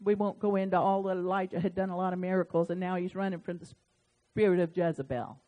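A woman preacher delivering an impassioned sermon that swings between hushed, quiet passages and loud shouting, acting out conversations with God. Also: fairly low pitch, steady tone, fast. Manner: acts out dialogue with God.

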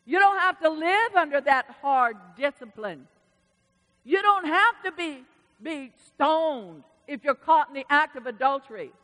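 A woman pastor preaching a sermon in a church, animated and calling out to the congregation. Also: high-pitched, measured pace, long reverb tail. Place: church sanctuary.

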